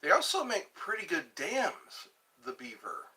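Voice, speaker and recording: A man hosting a casual livestream, chatting slowly and rambling while greeting viewers and answering comments as he eats. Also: high-pitched, huge pitch swings, bright, forceful tone. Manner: slow, rambling, chatty, restarts words, eating while talking. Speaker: livestream host. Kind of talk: casual live chat reading comments.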